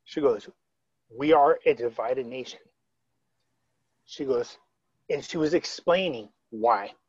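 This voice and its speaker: A man's voice: medium pitch, slow, husky, dry recording, dull audio. A man telling a story on a video call in a casual, rambling way, retelling quotes with frequent restarts. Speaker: interviewee.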